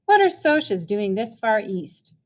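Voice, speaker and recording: A woman's voice: mid-range voice, big pitch swings, slow. A woman doing a tense, frightened teenage boy. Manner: tense, shaking.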